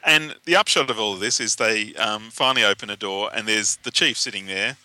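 A man's voice: lowish voice, fairly quick, pushed and bright, dry recording, poor audio. A man, casually recapping comic book plots on a podcast with wry asides. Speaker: podcast co-host.

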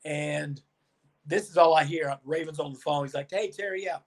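A man with a somewhat high voice tells stories as a podcast guest. He is animated and chatty, and he acts out other people's lines as he goes. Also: normal speed. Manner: animated storyteller, acts out quoted dialogue. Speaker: podcast guest, former pro wrestler. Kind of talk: storytelling interview answers.

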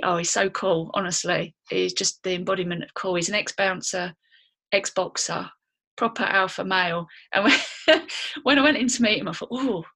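A woman's voice: mid-range voice, gravelly, pushed and bright. A woman co-hosting a podcast, talking candidly in a chatty, blunt way and swearing now and then. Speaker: podcast co-host. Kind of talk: casual podcast chat.

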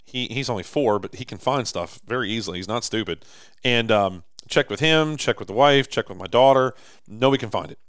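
A man's voice: mid-range voice, a little fast, fairly bright tone, clean tone, no room sound, studio quality. A man co-hosting a podcast, rambling through a long story in casual chat, with many restarts. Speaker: podcast co-host. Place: indoor office or shop.

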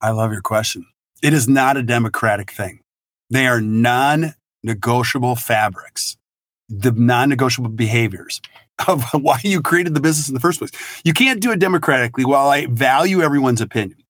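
A middle-aged man, a business consultant guest on a podcast interview, talking in an energetic, emphatic and blunt way. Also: medium pitch, normal speed, no room sound, studio quality.

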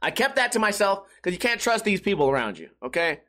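Sweating in a hot room, a podcast host tells a rambling, profane, self-mocking story in a casual monologue. His voice sits high and sounds sing-song, bright and forceful, and he talks fast.

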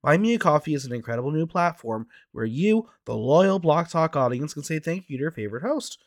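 Male podcast host, hoarse from allergies, gravelly and animated, recorded dry. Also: a little high, brisk, no echo. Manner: animated and chatty. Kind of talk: casual podcast chat.

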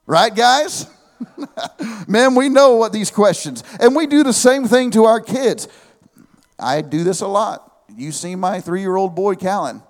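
A man in his thirties with a rather high voice delivers an animated sermon. He mixes earnest preaching with humorous asides and calls out amen to his listeners. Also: normal speed, big-room sound.

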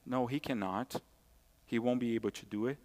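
A pastor with a mid-range, darkish voice preaches at a moderate pace in a steady tone. His sermon is emphatic and conversational, repeating key points and throwing asides to the congregation, with long hall reverb around him.

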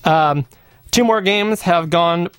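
A man's voice: sits high, slow, smooth, dry recording, studio quality. A man co-hosting a casual podcast about retro games, laughing often and reading out lists of titles. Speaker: podcast co-host. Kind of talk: casual chat.

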